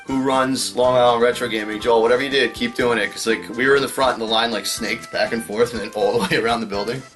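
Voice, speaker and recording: A man, co-hosting a casual video chat, excitable and upbeat. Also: mid-range voice, quick pace, faint music behind. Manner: upbeat, excitable, says "friggin'". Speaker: channel co-host.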